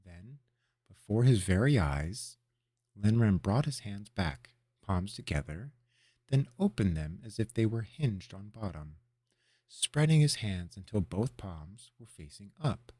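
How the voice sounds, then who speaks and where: A man narrating a fantasy story aloud in a measured, expressive storytelling manner. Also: fairly low pitch, husky, no room sound, clean studio sound. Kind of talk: audiobook reading of a fantasy story.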